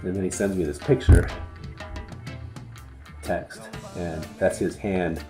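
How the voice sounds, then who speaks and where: A man who reviews hot sauces, giving a heartfelt spoken tribute to a friend in a subdued, halting way. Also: low voice, steady tone, music in the background.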